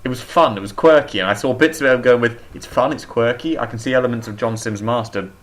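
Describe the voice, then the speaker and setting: A man's voice: medium pitch, quick pace. Chatty opinionated man. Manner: chatty, opinionated, restarts often. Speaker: podcast co-host. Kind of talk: casual chat.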